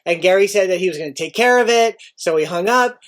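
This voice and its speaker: A teacher tells a story casually, speaking fast in a slightly bright voice. He acts out his own panic with sudden high outbursts.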